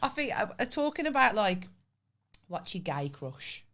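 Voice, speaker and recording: A young woman co-hosting a podcast in casual chat, teasing and cutting in with quick remarks and laughter. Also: mid-range voice, sing-song, fairly bright tone. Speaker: podcast co-host.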